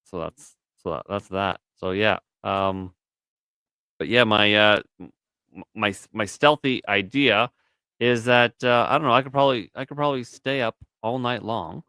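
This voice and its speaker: A man's voice: on the low side, normal speed, pushed and bright, clean tone, no room sound, studio quality. A man hosting a casual stream chat, rambling and swearing freely. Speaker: stream host.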